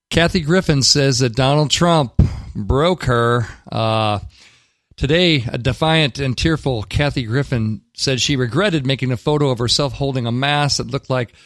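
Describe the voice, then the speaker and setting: The speaker is a male talk radio host in a studio, giving casual commentary full of blunt, emphatic opinions and frequent restarts. He speaks at a medium pitch, and there's no echo.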